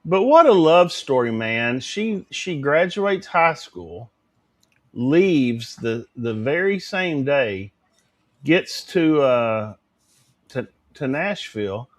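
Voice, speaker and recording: A man hosting a casual livestream chat, folksy and animated, swearing casually. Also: mid-range voice, takes it slowly. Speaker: livestream show host.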